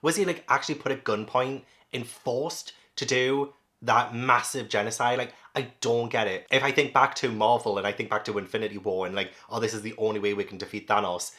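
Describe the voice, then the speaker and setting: A man giving a casual, rambling spoken review of a manga, animated and full of "like". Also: medium pitch, brisk. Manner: rambling, animated, heavy use of "like".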